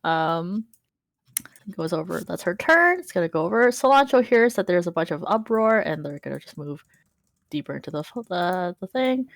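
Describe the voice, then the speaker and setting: A woman's voice: fairly low pitch, big pitch swings, moderate pace, creaky. A woman narrating as dungeon master in a tabletop game, giggly and rambling, with lots of fillers.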